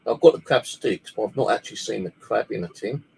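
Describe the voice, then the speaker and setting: A man's voice: fairly low pitch, expressive, fairly quick, gravelly, darkish tone, a little hiss or hum, rough recording. A man from the UK, telling a long story in a casual, rambling way and swearing freely, speaking alone in his bedroom. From United Kingdom. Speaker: paranormal channel host.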